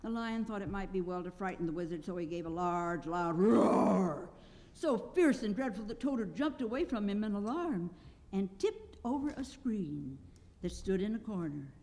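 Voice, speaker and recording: A woman narrating a classic story for a live audience at a literary evening. Her reading is expressive, the pitch swinging widely through each sentence. The sound carries a long echo from the auditorium. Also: moderate pace. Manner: animated storytelling. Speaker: reader at a literary event. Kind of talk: expressive read-aloud narration. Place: auditorium stage.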